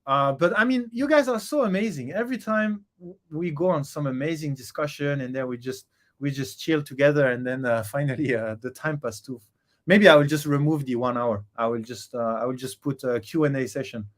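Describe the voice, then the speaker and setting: A man hosting a casual live Q&A stream. He reads viewer comments aloud and answers with many pauses, fillers and restarts. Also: mid-range voice.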